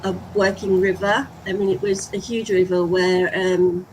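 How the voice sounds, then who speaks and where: A woman's voice: mid-range voice, level tone, normal speed, a little mellow, slight background noise, poor audio. A middle-aged English woman chatting to viewers in a rambling way as she walks outdoors, recorded on a handheld camera. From England. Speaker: vlogger. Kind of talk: casual vlog commentary. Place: outdoors on a walk.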